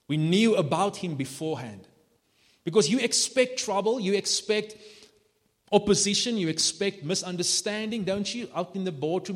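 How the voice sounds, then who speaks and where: Pastor guy preaching hard, voice a bit high, big echoey church hall. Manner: passionate, animated preaching with rising emphatic peaks. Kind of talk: sermon. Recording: long hall reverb.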